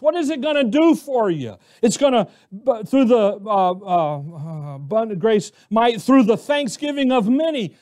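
Pastor, male, very high voice, emphatic sermon delivery full of rhetorical questions. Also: very animated, measured pace, hardly any pauses, darkish tone. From Arizona, US.

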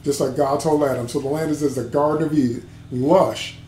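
A man's voice: on the high side, steady tone, fairly quick, warm tone. A man preaching a livestreamed sermon, stressing and repeating key words and often checking in with "okay?". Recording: echoey room, faint background hum.

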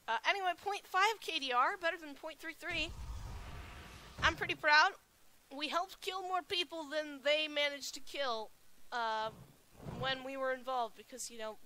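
A woman commentating her own gameplay live, excitably shouting spell names and taunts at opponents. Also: sits high, slight background noise. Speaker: gaming channel host.

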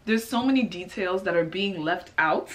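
A woman's voice: on the low side, normal speed, fairly bright tone. A woman hosting a reaction video, commenting in a casual, exasperated way and firing off incredulous questions.

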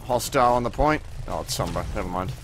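A man's voice: fairly low pitch, animated, a little hiss or hum. A young man hosting a gaming video, chatting casually and reacting playfully while he plays. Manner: playful, quick reactions, jokey. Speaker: gaming channel host. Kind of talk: casual gameplay commentary.

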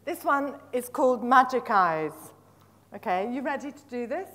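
This middle-aged woman, whose voice has a fairly high pitch, leads teachers through a live flashcard storytelling demonstration in a conference room. Lively and encouraging, she compliments the audience and lingers over words as she repeats them.

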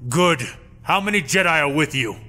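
Enraged jedi master yelling orders, as a guy reads him, bright sharp voice swinging all over, faint music behind. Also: high-pitched, animated, measured pace, heavily acted. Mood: curt. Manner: barking orders, growling through clenched teeth. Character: furious male Jedi master commander, middle-aged.

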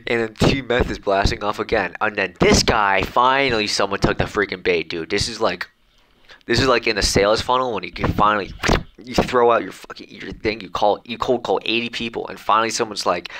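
A man's voice: fairly low pitch, brisk, sharp tone, low-quality recording. A man in a brash, boastful comedic rant, rambling with lots of fillers as he reads out comments. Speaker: comedic YouTuber reading comments.

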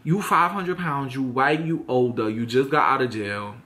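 A man's voice: medium pitch, moderate pace, pushed and bright. A young man with a New York accent telling a storytime vlog in a sassy, dramatic rant, swearing freely and addressing his viewers directly. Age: young adult. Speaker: vlogger.

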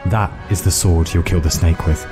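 A man voicing a gruff, hard-drinking old woman guide in a storybook reading, talking in a blunt, dry and weary way. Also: low-pitched, fairly even intonation, normal speed, music in the background, natural voice.

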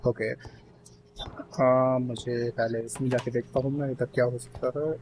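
Guy playing a horror game, rambling, jumpy, loud bursts, music under it. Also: mid-range voice, level tone, rapid-fire, poor audio. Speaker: gaming streamer.

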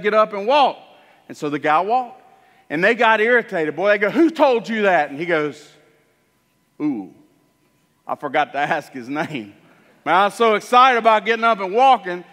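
Man, pastor preaching a sermon, high voice, bright and forceful tone, church hall reverb. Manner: animated preaching that acts out the story's voices. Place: church sanctuary.

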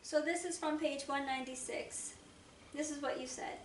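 A woman hosting an interview, asking gentle, guiding questions and recapping her guest's story. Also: high voice, steady tone, normal speed. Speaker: host. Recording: echoey room, mic far off, faint noise.

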